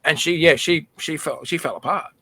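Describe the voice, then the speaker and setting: A man's voice: a little high, normal speed, bright, forceful tone, husky, dry recording. A man hosting a livestream, telling a personal memory in casual chat and often repeating words. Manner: emotional storytelling, repeats words. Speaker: livestream host.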